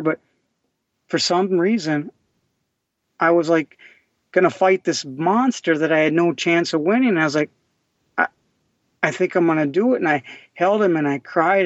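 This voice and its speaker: A man's voice: fairly high pitch, no room sound. Man telling a raw recovery story. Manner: raw, halting, emotional storytelling with many restarts. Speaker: podcast guest. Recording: dry, dull lo-fi audio.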